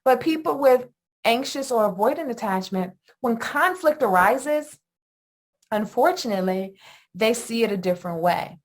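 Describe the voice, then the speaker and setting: A middle-aged woman hosting a solo podcast on attachment, talking in an animated, emphatic way with lots of rhetorical questions. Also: fairly high pitch, moderate pace. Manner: animated, emphatic, often asks "guess what" and "right?". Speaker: podcast host, attachment educator.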